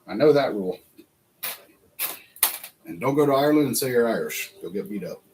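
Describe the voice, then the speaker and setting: American man, host, rambling casual chat, mid-pitched voice. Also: expressive, fairly quick, darkish tone, slight background noise, rough recording. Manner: rambling, chatty, laughs often.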